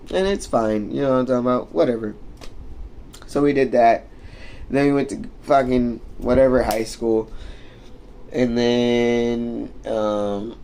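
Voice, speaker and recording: A young streamer from the United States talks with a medium pitch and a darkish tone, with a little hiss or hum audible. His casual story-rant meanders, heavy on swearing and fillers.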